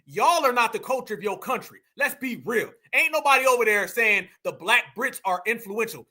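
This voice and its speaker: A man's voice: very high-pitched, animated, moderate pace, sharp tone. A man from the United States with an African American English accent, hosting reaction commentary in a blunt, preachy way and calling his viewers family. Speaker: commentary channel host.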